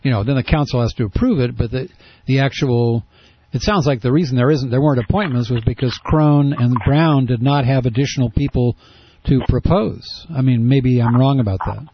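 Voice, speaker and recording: A man's voice: mid-range voice, fairly quick, a little hiss or hum. A man hosting a radio show, asking questions in a casual, probing way with many restarts. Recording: dull, lo-fi radio audio.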